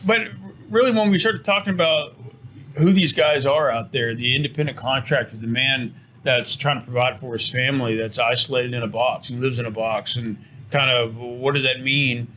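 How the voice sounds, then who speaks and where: An earnest middle-aged man pitches his business as a studio interview guest. His voice sits at an ordinary pitch, and he often repeats a word before finding the next one. A faint hiss runs underneath. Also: moderate pace, sharp tone. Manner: earnest, pitching, repeats words when restarting. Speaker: trucking company owner, interview guest. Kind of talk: promotional interview talk.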